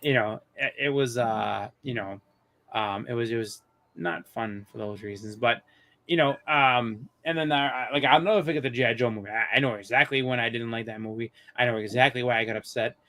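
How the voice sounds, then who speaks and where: A man in his thirties at mid pitch, hosting a live stream in loose casual chat. He rambles, stumbles over his words and restarts often while telling stories. His pitch sits right in the middle for a man. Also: fairly quick, bright, forceful tone. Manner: rambling, many restarts and fillers. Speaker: host of a live comics show.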